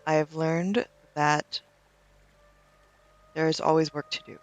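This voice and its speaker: A woman's voice: low voice, fairly even intonation, takes it slowly, soft background music, low-quality recording. Matter-of-fact woman player. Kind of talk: tabletop role-play chat.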